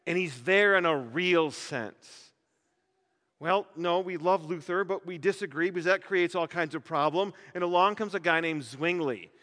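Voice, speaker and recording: A man preaching a sermon in a large church hall, animated and joking, firing off rhetorical questions. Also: on the high side, moderate pace. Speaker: pastor.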